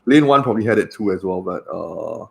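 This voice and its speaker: A man's voice: low-pitched, expressive, fairly quick, creaky, darkish tone. A man, a doctor chatting casually on a livestream with lots of fillers. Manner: chatty and rambling, with many fillers.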